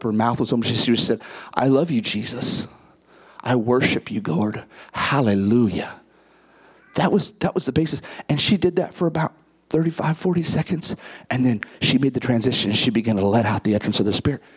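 Male preacher, mid pitch, sermon storytelling, animated, voices the quotes low. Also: fast, breathy edge. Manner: animated, rises to high emphatic peaks; acts out quoted dialogue in a lower, quieter voice.

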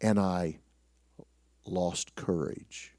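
A middle-aged man preaching, telling a personal story in a self-deprecating way with many restarts, sometimes dropping to a hushed voice. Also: low voice, fairly even intonation, drawn-out words, no echo, clean studio sound. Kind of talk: sermon storytelling.

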